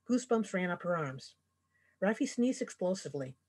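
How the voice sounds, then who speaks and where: A woman author reading her own fantasy story aloud, expressive as a storyteller. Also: lowish voice, normal speed, breathy edge. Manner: expressive storyteller voicing characters.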